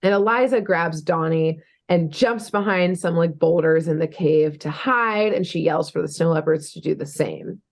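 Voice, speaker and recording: A woman's voice: low voice, normal speed, few pauses. A young woman co-hosting a podcast, recapping a cartoon episode in casual, chatty talk full of fillers and laughter. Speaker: podcast co-host.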